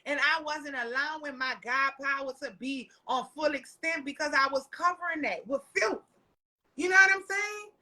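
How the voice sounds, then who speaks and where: A woman tells stories as a podcast guest. Her voice sits high and sounds bright and forceful. She talks loudly and animatedly, swearing freely and breaking into laughter. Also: moderate pace. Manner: loud, animated and profane, laughing often. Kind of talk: casual storytelling chat.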